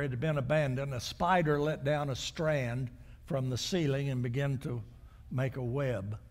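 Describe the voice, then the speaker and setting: Older guy preaching, voice a bit high, lots of church hall echo, big loud bits then quiet ones. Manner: storytelling preacher, swings from loud to hushed. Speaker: pastor. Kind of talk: sermon. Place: church sanctuary.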